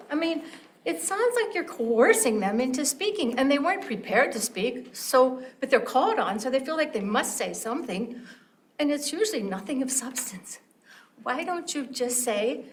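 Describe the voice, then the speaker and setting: An older woman with a somewhat high voice airs complaints at a township board meeting. She is pointed and pressing, often mimicking others' phrasing to make her case. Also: big pitch swings, moderate pace. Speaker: township resident giving public comment. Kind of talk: public comment speech.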